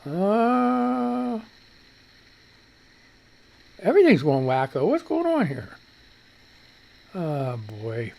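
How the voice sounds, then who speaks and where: This male live-stream host has a high, sing-song voice with a darkish tone and vocal fry, speaking very slowly with long pauses. Slightly breathless, he rambles in casual chat, cursing and mocking himself along the way.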